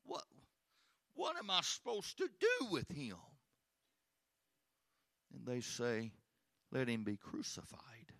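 A man preaching a sermon as pastor, swinging from hushed retelling to shouted emphasis and often repeating words. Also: medium pitch, wildly swooping pitch, slow, vocal fry, pauses often, no echo, clean studio sound.

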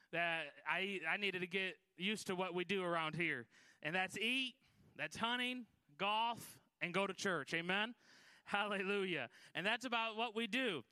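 A middle-aged man from Michigan, USA, preaches as a guest at a Pentecostal church, telling a folksy, self-deprecating personal story with many restarts. His high voice is pushed, bright, clear and resonant, and the recording is dry.

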